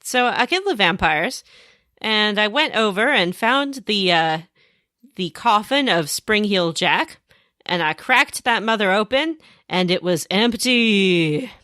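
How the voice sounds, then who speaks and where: A woman co-hosting a podcast, retelling her game in casual, animated storytelling. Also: medium pitch, takes it slowly, dry recording, clean studio sound. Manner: animated storytelling, acts out characters. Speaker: podcast co-host. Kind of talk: casual chat recapping a game.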